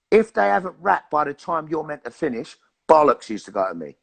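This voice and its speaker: London actor, middle-aged man, gravelly voice, swears freely, animated storyteller in an interview. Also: fairly high pitch, fairly quick. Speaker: actor and guest.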